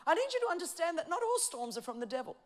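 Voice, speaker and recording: A woman pastor, preaching passionately and shifting between shouting and quiet emphasis. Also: extremely high pitch, big pitch swings, very fast. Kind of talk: sermon.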